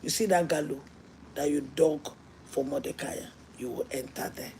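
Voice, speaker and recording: A woman pastor preaching a sermon, telling stories earnestly and swinging between hushed lines and emphatic ones. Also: low voice, moderate pace, slight background noise.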